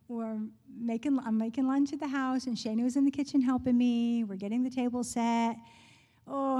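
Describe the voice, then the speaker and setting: A woman telling a personal faith story in a church talk, earnest and quick to laugh, dropping to a hushed voice when she prays. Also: fairly high pitch, long reverb tail. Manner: earnest, laughs often, drops to a soft hush in prayer. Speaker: speaker sharing a testimony.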